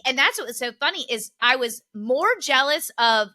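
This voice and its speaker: A woman's voice: high-pitched, animated, moderate pace, few pauses, sharp tone. A woman co-hosting a podcast, casually telling a funny everyday story and laughing often. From Philadelphia area. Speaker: podcast co-host. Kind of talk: casual chat.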